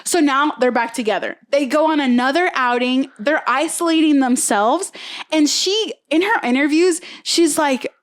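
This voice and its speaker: Young woman, podcast co-host, slightly high voice, lively gossiping storyteller. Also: normal speed. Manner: animated storyteller, acts out quotes, frequent "like". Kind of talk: casual chat, retelling a reality show.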